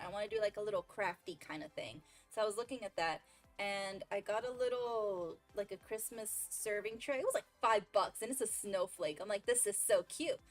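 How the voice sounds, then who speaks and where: A young woman streamer chatting casually, telling a story with lots of laughs and fillers. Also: medium pitch. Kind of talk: casual chat while gaming.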